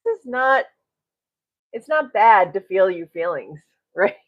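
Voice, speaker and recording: A woman's voice: mid-range voice, big pitch swings, slow, highs cut off. A middle-aged woman coaching a live-streamed self-development class, greeting viewers and often tagging her points with "right?" and a chuckle.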